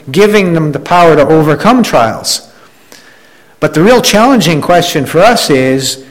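A man with a slightly high voice preaches a sermon in an easygoing, conversational way. He talks it through with the congregation, often restarting his phrases. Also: low-quality recording. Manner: conversational preaching with frequent restarts and "you know"; acts out quoted complainers in a raised voice. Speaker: pastor.

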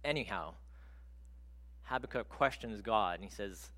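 A man preaching a sermon in a conversational, animated storytelling way. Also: medium pitch, measured pace, pauses often.

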